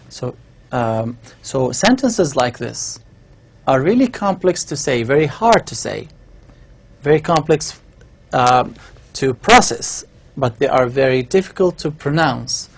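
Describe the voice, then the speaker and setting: A man teaching a university class at an unhurried pace, talking through each example with care. His pitch sits right in the middle. He keeps turning to the students to check that they follow, and he writes on the board as he goes. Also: sing-song, vocal fry. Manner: explains step by step, often checks with "all right?". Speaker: lecturer. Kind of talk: university lecture.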